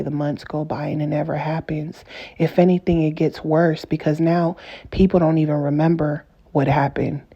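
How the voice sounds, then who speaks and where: Speaking earnestly and casually to camera, this woman vlogger keeps circling back, restating things in new words to drive them home. She has a deep, creaky voice with a dark tone, and the recording is muffled.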